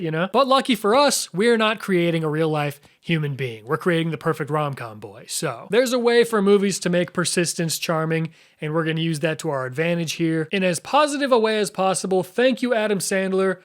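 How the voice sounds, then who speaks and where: A young man hosting a comedic commentary video, talking straight to the viewer in a sarcastic, jokey way. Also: fairly high pitch. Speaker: YouTube host.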